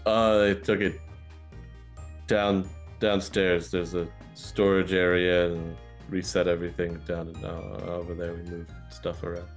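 A man narrating and refereeing a tabletop role-playing game in a relaxed way. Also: deep voice, measured pace, soft background music. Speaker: game master.

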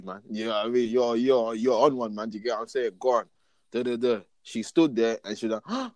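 A man's voice: medium pitch, fairly quick, no room sound. A young man chatting casually, full of slang and forever asking whether you get what he's saying. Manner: animated storyteller, acts out his own lines. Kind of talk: casual podcast chat.

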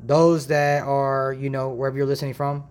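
A man from Ohio hosting a casual faith podcast, talking in a rambling, relaxed way full of slang, recorded on a decent mic in a makeshift home setup. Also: medium pitch, normal speed. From Ohio, USA. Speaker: podcast host.

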